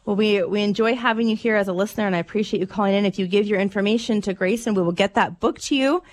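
A woman's voice: mid-range voice, quick pace. Woman, radio co-host, chatty, casual storytelling. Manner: chatty storyteller, laughs while telling.

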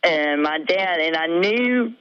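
A middle-aged woman calling in to a radio show, telling her story in a halting, rambling way full of fillers. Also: lowish voice, lively intonation, a bit bright, clean tone. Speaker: caller. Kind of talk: emotional call-in confession. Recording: dull lo-fi radio call.

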